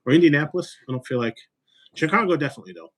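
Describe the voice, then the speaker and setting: A man's voice: on the high side, animated, racing, slight background noise. A man from Illinois hosting a casual chat, rambling and joking as he talks. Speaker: host.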